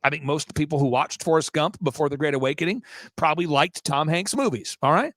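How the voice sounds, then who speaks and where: Man, talk show guest, insistent, rhetorical questions, high voice, dry close sound. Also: fairly bright tone, no echo. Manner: emphatic, rapid-fire, rhetorical questions. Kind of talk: live talk show chat.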